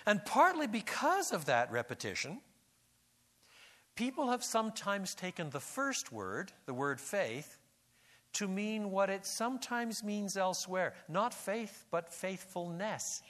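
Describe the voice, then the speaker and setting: A man's voice: sits high, very animated, a little slow, a bit bright. A man giving an expository Bible lecture, repeating and restarting words and rising to emphatic peaks. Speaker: Bible teacher.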